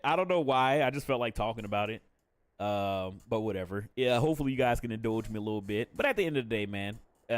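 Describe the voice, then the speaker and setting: A man's voice: medium pitch, clear, resonant tone, no echo. A young adult man casually chatting on a live stream, candid and profane, laughing often between thoughts.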